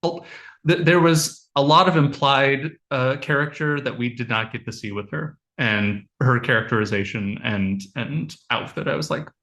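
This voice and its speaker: A man's voice: medium pitch, moderate pace, a bit bright. A man co-hosting a casual podcast discussion, speaking hesitantly with many restarts and laughing as he talks.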